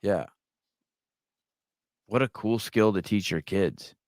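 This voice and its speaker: A man hosting a podcast, chatting casually and telling stories with quick back-and-forth retorts. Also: lowish voice, a little hiss or hum. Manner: animated storyteller, quick retorts. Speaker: podcast host. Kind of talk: casual chat.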